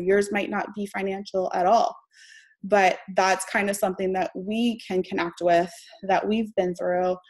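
A young woman mentoring on a live stream, chatty and heartfelt, laughing between phrases. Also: medium pitch. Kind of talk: casual live-stream teaching.

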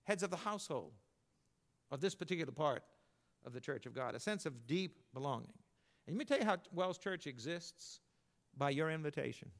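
An older pastor with a drawl delivers his sermon in a folksy, storytelling way. His voice sits a little high for a man. He builds to emphatic points and then drops to a low, confiding tone. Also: expressive, fairly quick.

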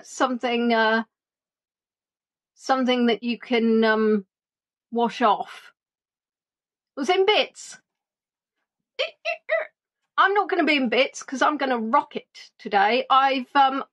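Chatty woman livestream guide. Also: a little high. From England. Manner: chatty and self-deprecating, greets viewers by name. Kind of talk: casual live chat with viewers.

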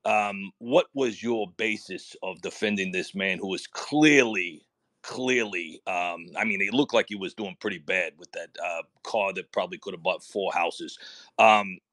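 Needling low-voiced caller with Italian accent. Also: male voice, unhurried, a bit bright, no echo. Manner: needling, sarcastic, repeats "right?". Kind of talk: combative call-in questioning.

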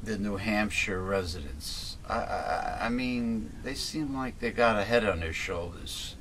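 A man's voice: lowish voice, lively intonation, measured pace, fairly bright tone. Wisecracking man in noisy political chat. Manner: wisecracking, punning, emphatic. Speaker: co-host.

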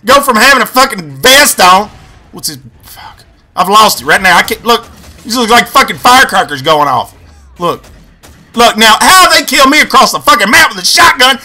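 A young man giving crude, excitable gameplay commentary, swinging between yelling and muttering. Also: sits high, moderate pace.

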